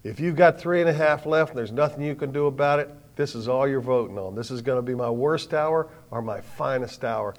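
An older man giving a sermon as storytelling, swinging from hushed lines to loud bursts with dramatic pauses. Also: mid-range voice. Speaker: speaker.

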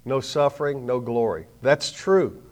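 An older man giving a sermon as storytelling, swinging from hushed lines to loud bursts with dramatic pauses. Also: medium pitch. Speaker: speaker.

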